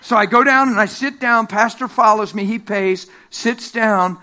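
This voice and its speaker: A middle-aged man preaching a sermon, telling stories with lively energy, laughing and acting out the voices of the people in them. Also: sits high, normal speed. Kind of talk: sermon with storytelling. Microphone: handheld microphone.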